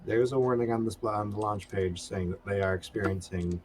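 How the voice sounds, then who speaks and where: A man playing a tabletop game, measured and thinking aloud with pauses. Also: fairly low pitch, darkish tone. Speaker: player. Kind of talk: casual tabletop play.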